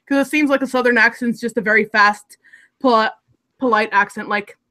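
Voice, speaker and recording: A woman's voice: on the high side, steady tone, brisk, bright, forceful tone. A woman from Alaska with an Alaskan accent, chatting casually and rambling with restarts as a content creator. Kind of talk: casual group chat.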